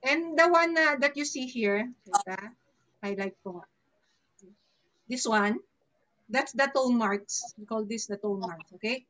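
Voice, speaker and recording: A woman with a Filipino accent teaching a live online class, lively and demonstrative, switching between English and Tagalog. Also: fairly high pitch, unhurried, long pauses, lo-fi sound. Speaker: Mandarin teacher.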